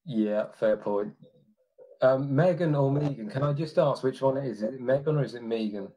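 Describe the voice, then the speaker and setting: A man's voice: medium pitch, moderate pace, mellow. A man chatting as a podcast guest, hesitant, with lots of ums and restarts. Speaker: guest, long-distance hiker. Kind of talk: casual podcast chat.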